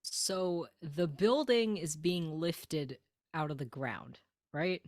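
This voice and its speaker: A woman's voice: low-pitched, slow, no echo, clean studio sound. A woman chatting casually as a player in a tabletop game, giggly and rambling with lots of fillers.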